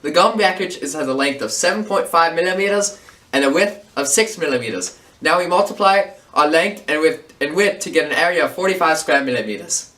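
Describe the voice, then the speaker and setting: Male mock reporter with a slightly high voice, playful documentary-spoof delivery. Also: animated, brisk, sharp tone. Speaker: field reporter.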